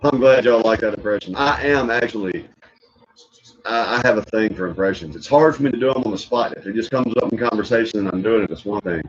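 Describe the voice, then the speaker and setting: A man hosting a reaction stream, chatting casually and telling animated stories with frequent laughter. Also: fairly low pitch, quick pace. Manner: animated storyteller who laughs often and slips into impressions. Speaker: stream host reacting to videos. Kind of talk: casual chat. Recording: muffled lo-fi audio.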